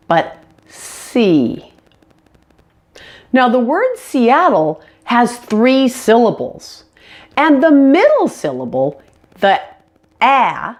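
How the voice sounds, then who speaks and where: A woman gives an online pronunciation lesson at an unhurried pace. Her pitch moves a lot as she stresses syllables, and she models each word slowly and clearly for learners to copy. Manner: slow, clear modeling of words for learners to repeat. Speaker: English pronunciation teacher. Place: indoors, on camera.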